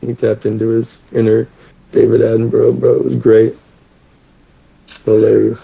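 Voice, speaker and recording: A man's voice: lowish voice, level tone, normal speed, gravelly, breathy edge, muffled recording. A man appearing as a guest rapper, talking in a rambling way with lots of restarts and swearing. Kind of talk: casual chat.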